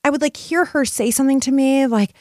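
A woman's voice: high voice, fairly quick, darkish tone, no echo, studio quality. A middle-aged woman hosting a motivational podcast, speaking in an impassioned, emphatic, spiritual way. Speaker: podcast host.

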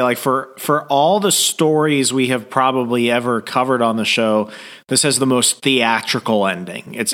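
A man's voice: medium pitch, fairly bright tone. A man co-hosting a podcast, discussing a comic book in a thoughtful, hesitant way with many restarts. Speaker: podcast co-host.

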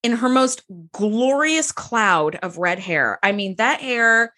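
Animated woman acting out quotes. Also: on the high side, takes it slowly. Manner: animated, acts out characters' lines, swears casually. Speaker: podcast co-host. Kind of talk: casual chat.

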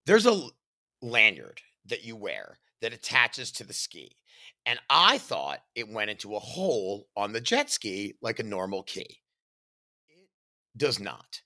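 Speaking a little slowly in a lowish voice, a man hosting a podcast recounts a first-person story with animation, performing his own shouts and sound effects.

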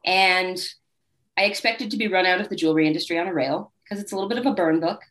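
A woman's voice: lowish voice, fast. A woman guest author telling candid, wry anecdotes in a casual interview. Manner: acts out quoted people in lively voices.

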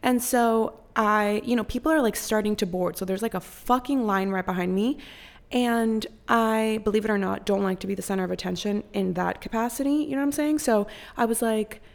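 Speaking fairly quickly in a creaky, mid-range voice, this young female podcast host tells a story in casual conversation. Animated and profane, she swears freely and performs the voices of other people.

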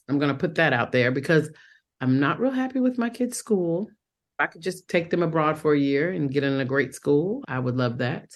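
A Broadway actress with a Southern accent chats casually as an interview guest on a video call. She's warm and talkative, calling people honey and boo, in a low, expressive voice at a moderate pace.

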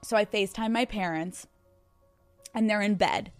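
A young woman from Pennsylvania hosting a podcast, telling a personal story in a casual, excitable way, swearing freely and saying "like" a lot. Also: mid-range voice, normal speed, faint music behind. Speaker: podcast host.

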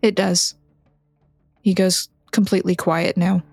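A woman narrating a tabletop game as game master, in a measured, descriptive way. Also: lowish voice, level tone, gravelly, a little mellow, breathy edge, soft background music.

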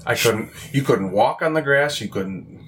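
A man's voice: medium pitch, moderate pace. Laughing young man telling work stories. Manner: laughing, animated storyteller. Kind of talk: casual chat in a podcast interview.

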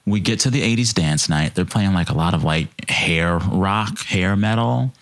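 A man in his thirties, from Texas, telling animated stories in a casual podcast chat and jumping into high voices for the people he quotes. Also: normal speed. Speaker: podcast guest.

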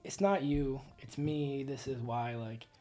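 A woman telling profane, rambling stories as a podcast guest, with quick asides. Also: very deep voice, fairly even intonation, dark tone. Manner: storytelling, profane, laughing asides. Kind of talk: casual podcast chat.

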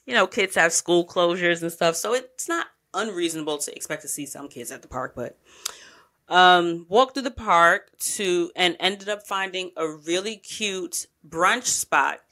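A woman chats through her travel stories with a bright, forward tone. She is candid and animated, and her talk is full of slang and curse words as she recaps her meals and outings. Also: fairly low pitch, a little slow. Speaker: travel podcast host. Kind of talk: casual travel storytelling.

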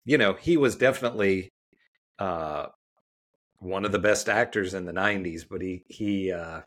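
Low-voiced man rambling about films. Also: fairly bright tone. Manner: rambling, halting, frequent restarts. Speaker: podcast co-host. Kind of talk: casual film review chat.

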